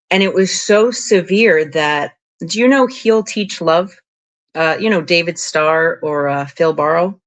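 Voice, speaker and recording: A woman guest on an interview podcast, telling long spiritual stories in a rambling, animated way, full of "like" and "you know". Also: fairly low pitch, a little slow. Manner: rambling, animated, frequent 'like' and 'you know'. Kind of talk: casual interview storytelling.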